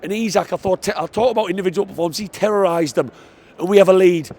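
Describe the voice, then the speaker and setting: A man giving an excitable post-match football fan reaction outside the stadium, stressing his points. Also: high voice, fast talker, gravelly. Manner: excitable, emphatic, repeats "I tell you what".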